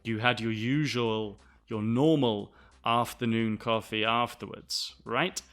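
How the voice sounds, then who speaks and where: A man from the south of England explains English words to learners in a bright, forward voice. He speaks with a Southern English accent at a steady middle pitch. He is clear and deliberate and spells words out letter by letter. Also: faint music behind. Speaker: English teacher, podcast host.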